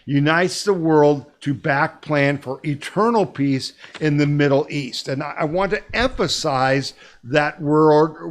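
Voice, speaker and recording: A man's voice: a little high, unhurried, hardly any pauses, fairly bright tone. A man hosting a weekly news podcast, talking emphatically and urgently and pressing listeners to act. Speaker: podcast host.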